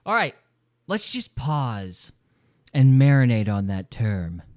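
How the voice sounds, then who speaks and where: A man hosting a podcast, giving casual, sarcastic reaction commentary with big swings of emphasis. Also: slow. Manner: animated, sarcastic, swings pitch widely for emphasis. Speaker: podcast host.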